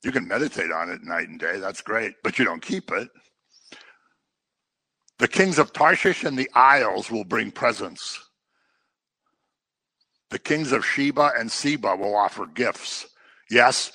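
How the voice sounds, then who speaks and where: A man's voice: fairly low pitch, lively intonation, measured pace, long pauses, bright, forceful tone, breathy edge, dry recording, low-quality recording. A man preaching a conversational sermon, full of joking asides and everyday stories.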